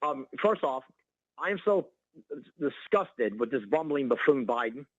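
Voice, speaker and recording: A male caller on a talk radio show, ranting excitedly and calling the host by name over and over. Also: medium pitch, measured pace, no room sound, muffled recording. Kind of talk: heated call-in rant.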